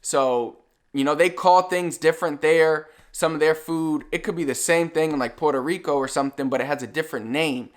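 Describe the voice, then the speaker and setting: A young man giving a casual video lesson, talking in a relaxed, conversational way and slowing down to model each phrase. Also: fairly high pitch. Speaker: Spanish teacher.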